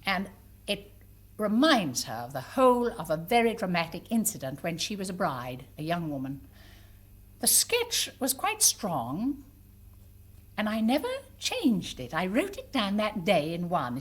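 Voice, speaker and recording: Older woman entertainer, husky and lively, chatting to a theatre crowd. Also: on the low side, normal speed. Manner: chatty and amused, with small hesitations. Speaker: stage entertainer and monologue writer. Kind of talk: anecdotal stage talk. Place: live theatre before an audience.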